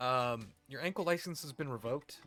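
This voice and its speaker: A man's voice: mid-range voice, moderate pace, pushed and bright, faint music behind. A man streaming a game, chatting casually with crude jokes and rambling asides. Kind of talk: casual gameplay commentary.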